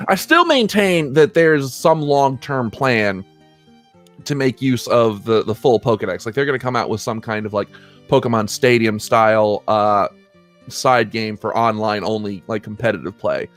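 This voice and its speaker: A man's voice: lowish voice, moderate pace, fairly bright tone, soft background music. A young man hosting a casual podcast, rambling, restarting sentences and laughing often. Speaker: podcast host. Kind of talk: casual chat.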